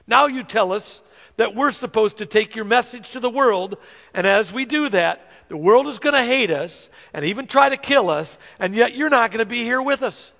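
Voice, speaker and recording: Man preaching, high pitched, gravelly, long reverb of a big hall, earnest, slows to stress verses. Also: expressive, bright, forceful tone. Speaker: pastor. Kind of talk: sermon.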